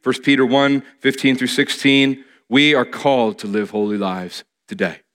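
A man's voice: mid-range voice, steady tone, normal speed, fairly bright tone. A man preaching a sermon, earnestly repeating key phrases for emphasis, with some restarts as he speaks.

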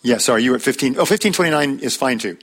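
Middle-aged man, mid-pitched, plain-spoken Bible study leader with a folksy, anecdotal delivery. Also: expressive, very fast, slightly rough. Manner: plain-spoken, calls on listeners by name to read verses; folksy, tells personal anecdotes with light laughs. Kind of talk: conversational Bible teaching.

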